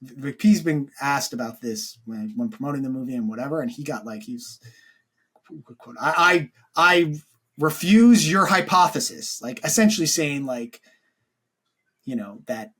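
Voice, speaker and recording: This film podcast co-host has a medium-pitched voice with a breathy edge. His talk is relaxed and sincere but rambling, packed with "like" and sentences he starts over.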